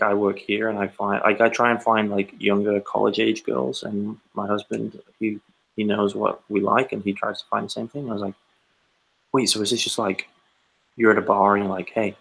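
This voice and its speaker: A man's voice: fairly low pitch, creaky, a bit bright, rough recording. A man co-hosting a casual podcast, telling a long rambling anecdote and acting out the quotes. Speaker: podcast co-host. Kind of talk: casual storytelling chat.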